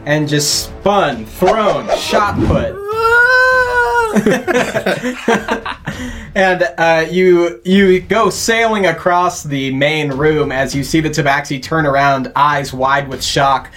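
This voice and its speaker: A game master narrating a tabletop game at a mid pitch. The delivery is animated and full of laughter, with faint music in the background. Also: slow pace, hardly any pauses.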